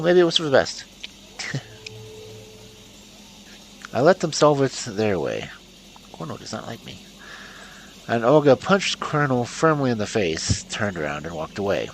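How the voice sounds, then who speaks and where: A man's voice: fairly low pitch, sing-song, a little slow, creaky, pauses often, a little hiss or hum, rough recording. A man streaming a story game, reading the narration aloud and muttering asides to himself.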